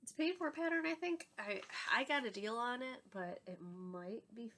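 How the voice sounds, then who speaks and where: A woman's voice: fairly high pitch, normal speed, bright, forceful tone. A woman in her thirties with a cold, talking in a congested, nasal voice as she hosts her knitting podcast at home, chatty and laughing often. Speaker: knitting podcast host and yarn dyer. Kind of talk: casual chat to camera. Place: home room with yarn shelves behind.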